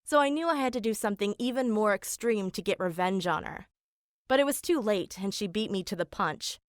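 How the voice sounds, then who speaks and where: A woman's voice: mid-range voice, animated, brisk, dry recording, studio quality, lightly acted. A woman voicing an eighteen-year-old girl narrating her own story in an animation, in a plain, matter-of-fact way, as scripted first-person narration. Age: young adult.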